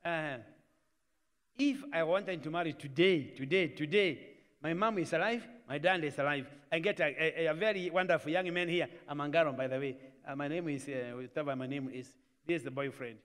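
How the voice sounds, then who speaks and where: A man's voice: on the high side, brisk, fairly bright tone. A man with a Kenyan accent preaching to young people, mixing Swahili phrases into his English and acting out family conversations. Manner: mixes Swahili into English, acts out family dialogues. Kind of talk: sermon. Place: church hall. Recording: church live stream with long reverb.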